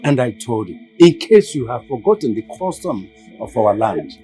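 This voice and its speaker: An actor playing a middle-aged chief who soothes a crying queen in measured, formal words. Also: mid-range voice, big pitch swings, mellow, faint music behind, lightly acted, low-quality recording. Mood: calming. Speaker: palace chief. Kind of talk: Nollywood film acting.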